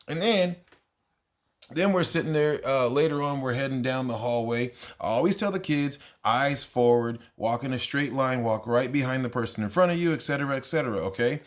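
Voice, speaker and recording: A man who teaches kindergarten, telling funny stories from his class in a casual, exasperated, animated way and jumping up in pitch when he quotes himself. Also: brisk. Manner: animated, exasperated, jumps into high voices when quoting himself. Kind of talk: casual storytelling monologue.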